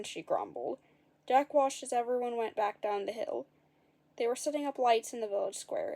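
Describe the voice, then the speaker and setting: A woman's voice: a little high, a little mellow. A woman reading a children's story aloud, with playful asides to the listeners.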